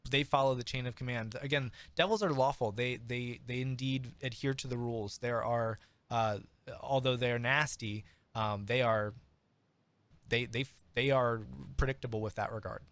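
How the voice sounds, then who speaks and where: A man's voice: mid-range voice, steady tone, moderate pace, a bit bright, dry recording. A man narrating as game master of a tabletop game, rambling with fillers and sudden bursts of speed.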